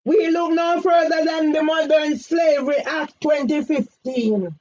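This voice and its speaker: A woman's voice: sits high, fairly even intonation, measured pace, a little mellow, dull audio. A woman, giving an emphatic direct-address complaint, firing pointed questions at one man by name. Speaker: campaigner vlogger.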